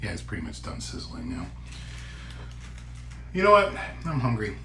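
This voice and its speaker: Guy doing a food review vlog, lively voice, echoey room, faint hum. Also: low-pitched, normal speed. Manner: chatty, exclaims loudly at hot bites. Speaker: food vlogger.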